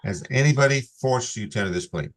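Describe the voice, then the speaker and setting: A man presiding as judge over a court hearing on a video call, reading legal warnings in a measured, formal cadence. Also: medium pitch, expressive.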